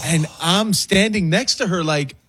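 A man in his thirties on a talk show, telling a family story in a laid-back, chuckling way with a husky voice. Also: medium pitch, expressive, normal speed, noisy background. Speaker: co-host. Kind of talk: casual storytelling banter.

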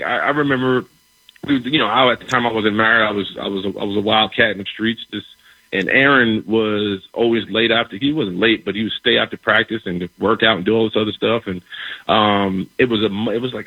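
A middle-aged man, a former football player, telling a locker-room story in a lively way, repeating words and acting out what others said. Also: lowish voice, breathy edge, no echo, dull audio. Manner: animated, repeats words, acts out quoted dialogue. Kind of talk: casual storytelling.

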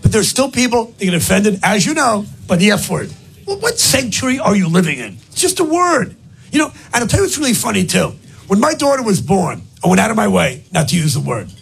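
High, gravelly, brash stand-up comedian man. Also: very animated, fairly quick, slight background noise. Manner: brash, building to shouted punchlines. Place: live comedy stage with audience.

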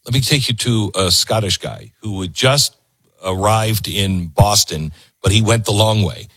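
A man's voice: lowish voice, unhurried, no echo. A man hosting a commentary show, talking emphatically to his audience between video clips. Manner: animated, emphatic, talks to the audience.

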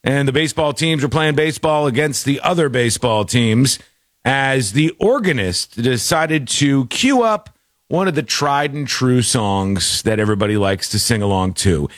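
A man's voice: medium pitch, lively intonation, normal speed, no echo, studio quality. A man hosting a radio talk show in an upbeat, playful, chatty way. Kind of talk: lively radio show chat.

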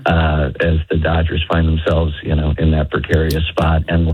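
A man's voice: extremely low pitch, completely flat delivery, moderate pace, husky, faint music behind. A man calling in to a radio show, rambling and hesitant as he tells his story. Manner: meandering, hesitant with fillers. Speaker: caller. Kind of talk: rambling phone-in call. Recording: tinny phone line.

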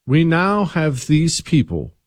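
A man's voice: a little high, big pitch swings, takes it slowly, no echo. Middle-aged guy doing talk radio, sarcastic teasing tone, super dry close sound, no room at all. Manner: sarcastic, teasing, mock-confiding asides. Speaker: talk show host.

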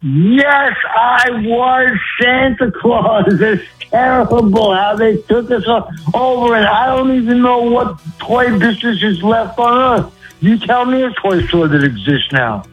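A man's voice: very high-pitched, unhurried, fairly bright tone, highs cut off, soft background music. A man calling in to a talk radio show, fired up and rambling, laughing often. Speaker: regular caller. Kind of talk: excited call-in chat.

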